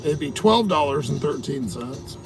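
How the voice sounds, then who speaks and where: A man's voice: a little high, expressive, moderate pace, vocal fry, over music. A man chatting on a live stream, telling a story in a loose, profane way and laughing often. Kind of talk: casual livestream storytelling.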